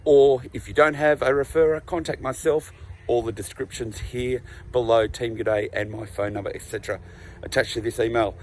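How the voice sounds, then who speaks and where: A man with an Australian accent introducing a group call, talking in a relaxed, friendly way with plenty of fillers. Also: mid-range voice, normal speed, a little hiss or hum. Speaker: host. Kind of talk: casual promotional intro and call hosting.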